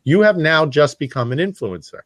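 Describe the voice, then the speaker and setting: A man from the US East Coast hosting an interview, telling stories with animated impressions of others. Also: fairly high pitch, moderate pace, dry recording. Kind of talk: conversational interview.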